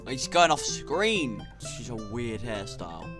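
A man's voice: medium pitch, big pitch swings, a little slow, over loud music. Sarcastic young man commenting on gameplay. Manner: sarcastic, jokey, swears a lot, sudden loud outbursts. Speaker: gaming YouTuber.

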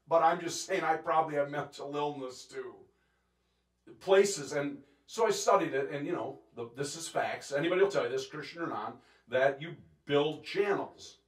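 A man preaching a sermon as pastor, intense and animated, acting out quotes and laughing between points. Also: fairly high pitch, normal speed, reverberant. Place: church sanctuary.

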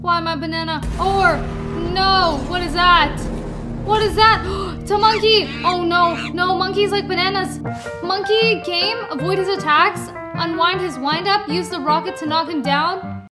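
A woman's voice: very high voice, steady tone, moderate pace. A woman commentating a video game, squealing and shrieking her reactions, with game music behind her. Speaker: gaming YouTuber. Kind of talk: excited gameplay commentary.

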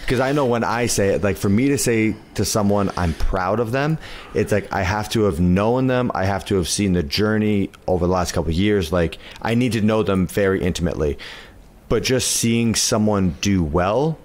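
A man's voice: fairly low pitch, moderate pace. A man around thirty in casual podcast chat, easygoing and sprinkling his talk with "like". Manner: easygoing, loose with "like" fillers. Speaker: podcast guest.

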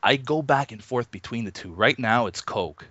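A man in his thirties with a mid-range voice and moderate pace is interviewed as a guest, being a Minecraft YouTuber. Relaxed and chuckling, he fills his speech with fillers and restarts; there's no room sound, and the online call sounds dull, muffled and lo-fi.

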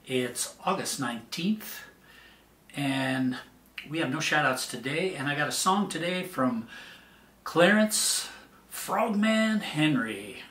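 A man's voice: fairly high pitch, echoey room. A man hosting a daily song show, chatting casually and folksily with many fillers before playing a song. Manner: slow, relaxed, folksy talk with fillers. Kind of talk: casual chat introducing a song.

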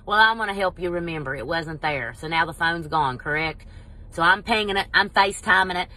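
Vlogger, middle-aged woman, low husky voice with a bright edge, animated storyteller. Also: fairly quick. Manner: animated, exasperated, quotes people in voices. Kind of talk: casual storytelling vlog.

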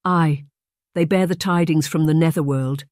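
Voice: mid-range voice, steady tone, moderate pace, darkish tone, no echo, studio quality, close to an everyday voice. A narrator voicing a young, earnest Scottish maid who speaks in a broad, old-fashioned brogue, in an audiobook romance.

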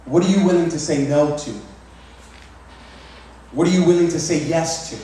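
A man in his thirties preaching a sermon as pastor, repeating words and restarting often, with lively emphasis. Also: a little high, normal speed. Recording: echoey hall, mic from far off.

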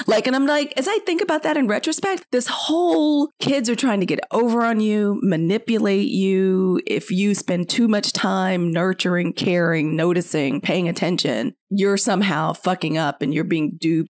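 A woman from Mississippi, a parent co-hosting a podcast, speaking in a candid, reflective casual chat with drawn-out phrasing. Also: medium pitch, darkish tone, dry recording, clean studio sound. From Mississippi, USA.

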